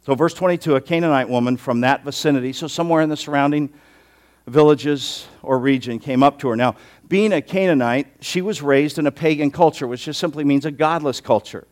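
A man's voice: fairly high pitch, brisk, darkish tone. A man preaching an expository sermon as a pastor, conversational and given to joking asides.

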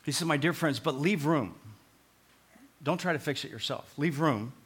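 Bright-voiced man preaching with emphatic swings. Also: fairly high pitch, expressive, normal speed, husky. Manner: emphatic, swings from loud proclaiming to quiet earnest pleading; conversational, repeats short phrases for emphasis. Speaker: pastor. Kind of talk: sermon.

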